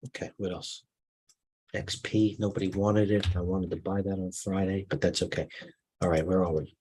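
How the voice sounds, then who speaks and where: A man's voice: low-pitched, flat delivery, moderate pace, a little mellow, slight background noise, rough recording. A middle-aged man hosting a live stock market stream, commenting off the cuff with rambling asides and restarts.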